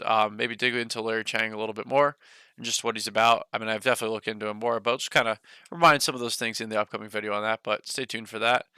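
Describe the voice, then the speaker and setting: A man's voice: mid-range voice, pushed and bright, clear, resonant tone, no room sound. A young man hosting a casual stock livestream, rambling loosely with lots of "like" and "you know", a bit short of breath.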